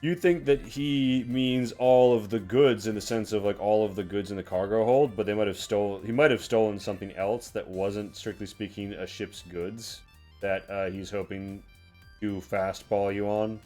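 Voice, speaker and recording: Low-voiced game master, halting narration. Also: male voice, steady tone, mellow, soft background music. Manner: halting storyteller, many fillers.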